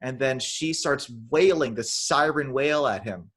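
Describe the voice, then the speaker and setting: A man on a podcast co-hosts a casual chat, retelling a horror film in a rambling way with many restarts and acting out lines in funny voices. His voice is medium-pitched, a bit bright, with a breathy edge, and he speaks a little slowly.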